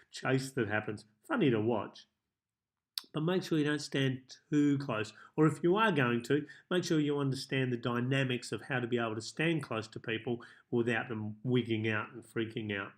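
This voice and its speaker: A man coaching viewers in a self-help tips monologue, speaking calmly and measuredly with deliberate pauses. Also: mid-range voice. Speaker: life coach.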